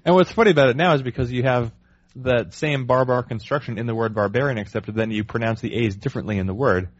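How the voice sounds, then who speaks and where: A man's voice: mid-range voice, fast talker, no room sound, muffled recording. A man co-hosting a casual chat, articulate and musing at length about words. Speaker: podcast co-host.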